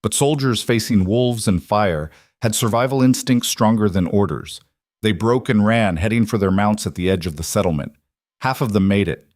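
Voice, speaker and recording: A man narrating a dramatic fantasy story in a steady, scripted storytelling read. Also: lowish voice, moderate pace, no echo, studio quality.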